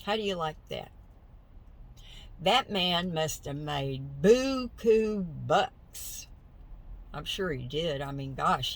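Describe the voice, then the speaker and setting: A woman's voice: low voice, fairly bright tone, poor audio. An older woman, chatting casually to her viewers in a folksy, encouraging way. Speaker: vlogger. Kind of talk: casual chat to camera.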